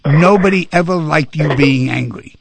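A man's voice: fairly high pitch, normal speed, vocal fry, background noise. A man hosting a call-in radio show, coaching a caller in a pushy, coaxing way and repeating his commands. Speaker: radio host.

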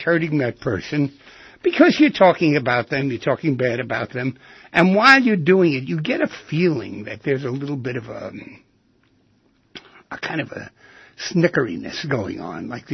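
Gravelly husky male radio host. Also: mid-range voice, big pitch swings, normal speed, dry recording. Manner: thoughtful, asks rhetorical questions. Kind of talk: reflective radio monologue. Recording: dull lo-fi radio broadcast.

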